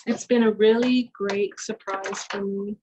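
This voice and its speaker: A woman's voice: medium pitch, steady tone, unhurried, warm tone, slight background noise, low-quality recording. A woman art instructor talking casually while she draws, musing aloud with fillers. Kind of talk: casual talk while drawing.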